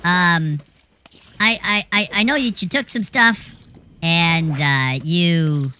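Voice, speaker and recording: A woman's voice: lowish voice, sharp tone, a little hiss or hum, voice pushed down. A woman doing a stammering flustered man. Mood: pleading. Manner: stammering, halting. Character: flustered stammering adult man confronting a thief.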